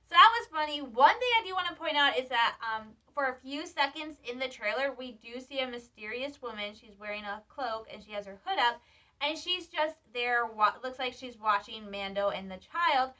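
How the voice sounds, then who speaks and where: A young woman from Michigan, a student, chatting excitedly to camera in a casual reaction vlog. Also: high voice, normal speed. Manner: excitable, chatty fan talk. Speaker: vlogger, student. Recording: slightly distant, dull lo-fi sound.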